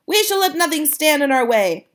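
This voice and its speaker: Woman playing a fierce old granny, emphatic, exclaiming, lively storybook voice. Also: sits high, moderate pace, pitched above the performer's own voice. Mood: defiant. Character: spirited, fierce old grandmother.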